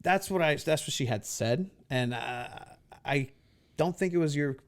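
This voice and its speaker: A man's voice: fairly high pitch, lively intonation, unhurried. A man hosting a podcast interview, chatting casually and rambling, often repeating words as he stumbles over his sentences. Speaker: podcast host.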